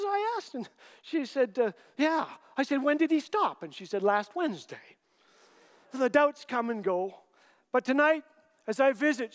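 High-voiced man telling wry stories, hall echo. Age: middle-aged. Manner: gentle, wry storytelling with dry punchlines. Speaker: Christian humorist and author. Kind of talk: storytelling talk.

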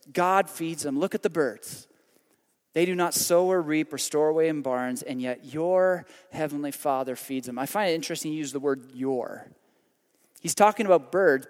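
A man's voice: a little high, in a large hall. A man from Canada preaching a sermon in a conversational way, with frequent asides and rhetorical questions. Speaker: pastor.

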